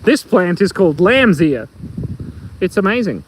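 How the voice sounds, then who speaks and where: A man's voice: high voice, very animated, measured pace, slight background noise, low-quality recording. Playful Australian man streaming outdoors. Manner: playful, rambling, tells jokes and reads chat aloud. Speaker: live-stream host. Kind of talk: casual live stream chat. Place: outdoors in the bush. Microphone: phone.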